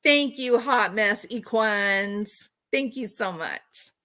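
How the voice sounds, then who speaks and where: A woman's voice: mid-range voice, slow, bright, forceful tone. A woman hosting a true crime livestream, talking casually and animatedly, laughing and mocking people with impressions.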